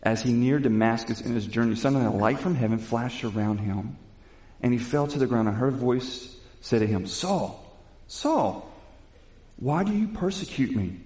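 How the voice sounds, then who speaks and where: A man delivers a sermon in a warm, mellow voice with middling pitch, recorded in a roomy space with noticeable echo. He mixes Bible reading with loose, conversational retelling and builds to emphatic questions. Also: fairly even intonation, fairly quick. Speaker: preacher. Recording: echoey room.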